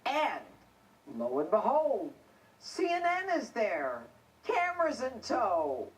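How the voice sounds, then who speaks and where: A woman's voice: fairly high pitch, wildly swooping pitch, slow, far from the mic, low-quality recording. A middle-aged woman, a TV host and former police officer, delivering a scripted opinion monologue in a combative, indignant, emphatic way.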